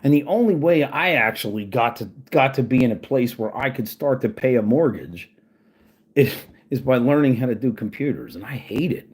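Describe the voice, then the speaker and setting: A man's voice: mid-range voice, lively intonation, moderate pace, a little mellow, breathy edge. A man hosting his own channel, venting in a profane, angry and sarcastic casual rant while working at his computer. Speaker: channel host.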